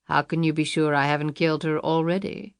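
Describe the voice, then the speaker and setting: A woman reading an audiobook, voicing a male kidnapper villain who talks slowly and pleasantly with mocking menace. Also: deep voice, level tone, smooth, no echo, studio quality. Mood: taunting. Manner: pleasant, slow, taunting menace.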